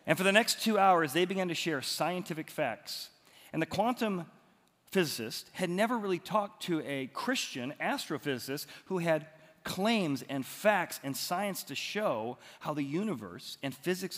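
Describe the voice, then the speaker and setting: A pastor preaches a sermon, telling stories in a conversational way and lifting his voice for emphasis. His voice sits a bit high for a man. The sound rings with a long reverb, as if it were recorded in a church sanctuary. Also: animated, moderate pace, fairly bright tone.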